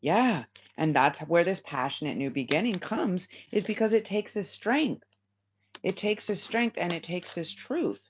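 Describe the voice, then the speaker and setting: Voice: mid-range voice, animated, measured pace. A tarot reader hosting a casual spiritual reading for viewers, rambling and repeating phrases with many fillers. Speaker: tarot reader, channel host. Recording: slightly dull lo-fi sound with faint hiss.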